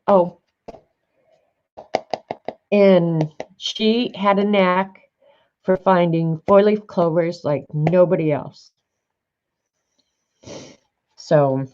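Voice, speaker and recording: An older woman vlogging in a casual, rambling way while she looks through old art journal pages. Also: fairly low pitch. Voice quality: chatty, rambling, warm-hearted reminiscing. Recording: slightly dull lo-fi sound.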